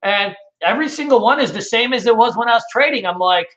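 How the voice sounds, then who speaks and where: A man's voice: extremely high pitch, animated, quick pace, hardly any pauses, a bit bright, dull audio. A man hosting a casual trading webinar, answering viewer questions in a loose, rambling way with many fillers.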